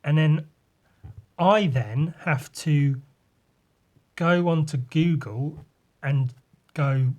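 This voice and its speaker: A man's voice: on the high side, slow pace, long pauses, a little mellow. Young english guy ranting on his podcast, sarcastic, swears a lot, drawing as he talks. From England. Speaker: podcast host, artist. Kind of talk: solo podcast rant.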